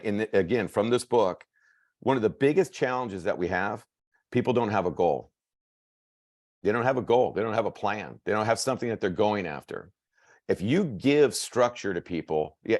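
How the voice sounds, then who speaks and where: A man giving a motivational coaching talk, energetic and repetitive, acting out quotes with big jumps in pitch. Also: no echo, clean studio sound. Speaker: network marketing coach.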